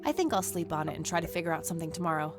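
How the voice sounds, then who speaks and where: An actress voicing a blunt young woman detective in a video game, with flat, matter-of-fact delivery. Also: deep voice, very fast. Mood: dry. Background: game music.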